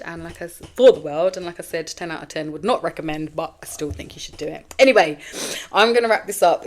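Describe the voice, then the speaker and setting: Low-voiced woman rambling on her podcast, swears a lot, bit emotional. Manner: candid, rambling, swears casually. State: a little emotional. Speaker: podcast host. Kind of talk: personal monologue podcast.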